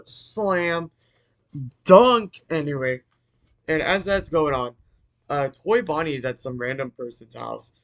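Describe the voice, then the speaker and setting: A man casually recapping a movie for his channel, rambling with restarts and apologies, excitable and swearing. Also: on the high side. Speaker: YouTuber reviewing a movie.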